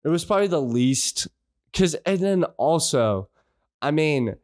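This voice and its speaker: Smooth-voiced man rambling about a film. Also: on the high side, expressive, unhurried, darkish tone, no echo, studio quality. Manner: rambling with many restarts and fillers, frustrated. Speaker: podcast co-host. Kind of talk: casual film review chat.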